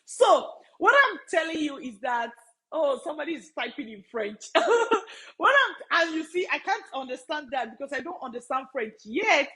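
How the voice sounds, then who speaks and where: A woman with a high voice talks straight to her viewers as a study-abroad mentor. She is emphatic, drives her points home by repeating them, and breaks into laughter now and then. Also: big pitch swings, moderate pace, sharp tone, poor audio. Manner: emphatic, repeats key phrases, laughs often. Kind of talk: casual live-stream talk to viewers.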